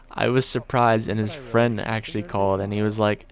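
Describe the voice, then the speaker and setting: A young man casually telling a story from his job, relaxed and conversational, with casual swearing. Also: on the low side, a little fast, few pauses. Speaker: storyteller, video creator.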